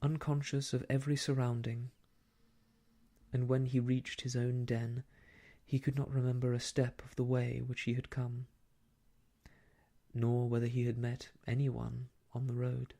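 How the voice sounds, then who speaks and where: A man softly reading an old novel aloud for ASMR, hushed and slow, slipping into whispers, close to the mic. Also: mid-range voice, monotone, creaky. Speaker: storyteller.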